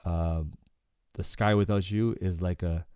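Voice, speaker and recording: A man teaching Korean through song lyrics in a relaxed, explanatory way, often checking in with "okay" and filling with "like". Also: low-pitched, measured pace, clear, resonant tone, dry recording, studio quality. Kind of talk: casual lyrics breakdown lesson.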